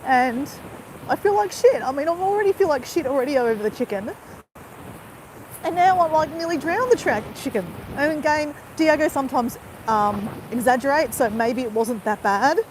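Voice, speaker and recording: A woman's voice: high-pitched, animated, normal speed, slight background noise, poor audio. A woman vlogger crying as she talks, rambling with lots of "you know" while on a walk outdoors. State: tearful, crying. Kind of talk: emotional live-stream monologue.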